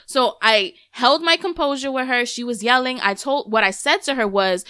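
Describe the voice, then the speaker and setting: A woman's voice: on the high side, normal speed, smooth, no room sound, clean studio sound. A woman in her thirties hosting a podcast, telling a story in casual, candid chat, cursing freely. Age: 30s. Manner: candid, profane, animated storytelling. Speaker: podcast host.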